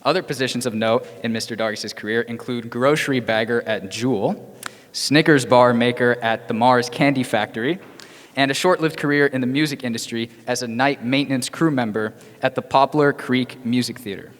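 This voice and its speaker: A man hosting a ceremony, reading a formal, measured introduction of the speaker. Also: mid-range voice. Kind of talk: formal introduction read aloud. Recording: long hall reverb.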